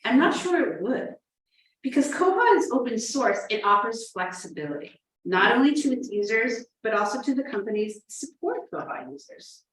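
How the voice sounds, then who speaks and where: A librarian from New Hampshire gives an earnest, prepared conference talk, telling stories with playful asides. Her fairly high voice is sing-song at normal speed, picked up off-mic so it sounds roomy and echoey.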